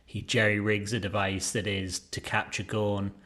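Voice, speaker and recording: A man's voice: lowish voice, level tone, moderate pace, fairly bright tone. A man co-hosting a podcast in casual chat, laid-back with dry quips and many short agreements. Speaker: podcast co-host.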